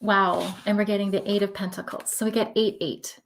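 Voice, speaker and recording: A woman's voice: mid-range voice, little pitch movement, fairly quick. She's a woman doing a live tarot reading, gushing and emotional, pours out encouragement, voice sits right in the middle, mic feels like a webcam or phone. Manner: effusive, emotional, affirming. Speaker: spiritual tarot reader.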